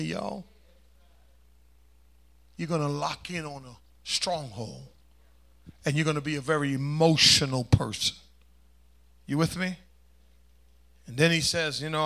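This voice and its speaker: A man preaching a sermon as pastor, calling for responses from the congregation and swinging between loud emphasis and hushed asides. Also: fairly high pitch, normal speed, long pauses.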